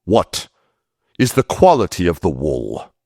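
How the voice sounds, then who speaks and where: A man's voice: deep voice, huge pitch swings, measured pace, vocal fry, darkish tone, no echo, clean studio sound, voice pushed down, exaggerated voice. A man voicing a cold, demanding male royal bureaucrat who fires off curt questions and orders. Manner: curt, interrogating commands.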